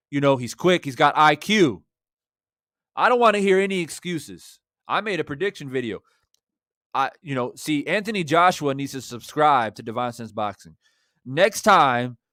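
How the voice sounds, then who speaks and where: A man with a mid-range, fairly bright voice hosts a boxing live-stream, reading viewer super chats aloud. As a boxing YouTuber, he's brash and confident and addresses his audience directly. The recording is dry, with clean studio sound.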